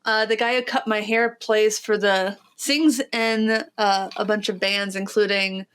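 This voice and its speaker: A woman's voice: medium pitch, steady tone, a little slow, a bit bright, smooth. A woman with a nasal voice co-hosting a podcast in casual, chatty, self-deprecating talk. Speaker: podcast co-host.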